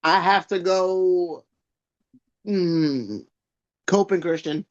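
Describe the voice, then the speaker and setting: Man, podcast co-host, casual chat, high voice, hesitant, stumbles, crude jokes, dull lo-fi sound. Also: drawn-out words.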